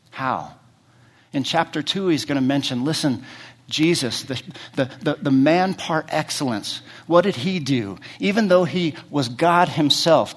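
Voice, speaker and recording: Middle-aged man, pastor, fairly high voice; sermon full of rhetorical questions and restarts. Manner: asks the congregation many rhetorical questions; speaks in short fragments, repeating words as he restarts.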